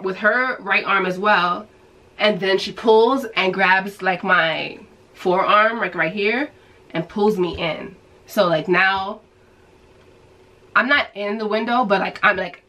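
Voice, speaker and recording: A woman from New York telling a story to her viewers in a casual, animated way, acting out the people she quotes. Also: mid-range voice, rough recording. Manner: animated storyteller who acts out quoted voices. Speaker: vlogger.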